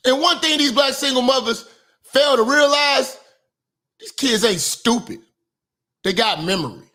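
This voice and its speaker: A man with a very high, bright, forceful voice delivers a profane commentary monologue. He preaches with emphasis and often pushes up into shouts to drive his points home. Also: lively intonation, a little slow. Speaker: online commentator and minister.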